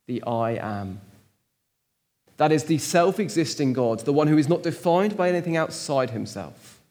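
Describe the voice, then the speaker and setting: A man's voice: fairly high pitch, expressive, moderate pace, darkish tone. A man preaching a sermon in church, stressing words with strong rises and drops. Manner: emphatic, rising and falling for stress.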